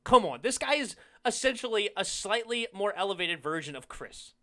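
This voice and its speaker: Lively, bright-voiced sports host man. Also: sits high, moderate pace. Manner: animated, swings from heated to sheepish. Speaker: sports talk channel host. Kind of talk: casual sports chat, reacting to a clip.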